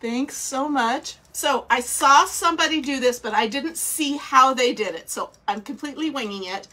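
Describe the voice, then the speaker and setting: A woman's voice: high voice, moderate pace, sharp tone. A woman hosting a casual live craft demo from a small studio, chatty and welcoming, thinking aloud as she works, with a scratchy throat and stuffy nose. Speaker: craft livestream host.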